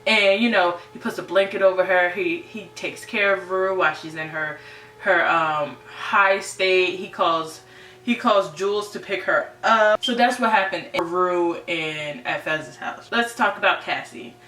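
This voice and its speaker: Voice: medium pitch, a little slow, pushed and bright. A TV series reviewer giving a casual, chatty episode recap, full of "right?" and "you know". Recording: roomy, distant mic, faint hum.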